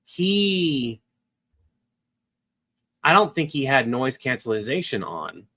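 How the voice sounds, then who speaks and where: A man's voice: mid-range voice, sing-song, takes it slowly, pushed and bright. A man hosting a stream who casually talks through editing audio, thinking aloud with ums. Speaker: video editor, stream host.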